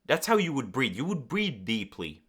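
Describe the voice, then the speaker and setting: A man speaking as a communication coach, giving direct-to-camera advice in an animated way and acting out nervous and calm examples. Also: mid-range voice, normal speed, husky.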